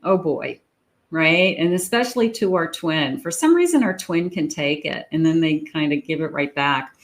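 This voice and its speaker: Middle-aged lady chatting through a tarot reading, lowish voice, acts out the lines she quotes. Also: expressive, moderate pace. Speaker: tarot reader. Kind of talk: casual tarot reading monologue.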